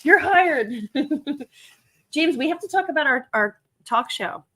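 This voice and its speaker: A woman's voice: sits high, expressive, slow pace, fairly bright tone. A woman hosting a casual live stream while she works through resale stock, chatting and giggling with her viewers. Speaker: resale livestream host.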